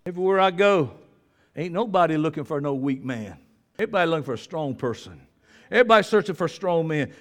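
A man preaching a sermon in a church, swinging from low, quiet talk to loud shouting. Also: animated, a little fast. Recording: long hall reverb.

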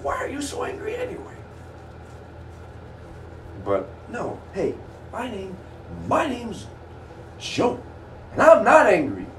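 A man putting on a shrill, wound-up guy who insists he is not angry, with a noisy background. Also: wildly swooping pitch, slow, long pauses, echoey room, far from the mic, heavily acted. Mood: agitated.

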